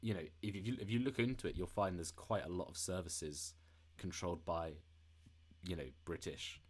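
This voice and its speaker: A young man with a very low, deep voice co-hosts a comedy podcast. He talks hesitantly, full of fillers, and keeps a deadpan tone. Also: moderate pace, husky. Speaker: podcast co-host. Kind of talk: deadpan comedy conspiracy chat.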